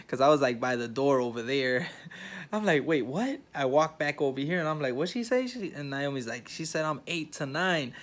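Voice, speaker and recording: A young man vlogging, telling a personal story to his viewers in a casual, rambling way with lots of fillers and restarts. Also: on the high side. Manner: animated, rambling retelling with many fillers and restarts.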